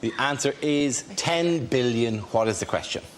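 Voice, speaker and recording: A man hosting a comedy panel quiz show, brisk and wry. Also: medium pitch, lively intonation. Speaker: quiz host. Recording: studio with audience laughter and noise.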